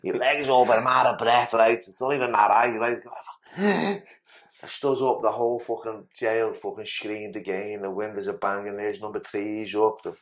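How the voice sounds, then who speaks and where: A man's voice: fairly low pitch, flat delivery, moderate pace. A man tells a story as a podcast guest in casual talk. He is blunt and sweary and often restarts his sentences.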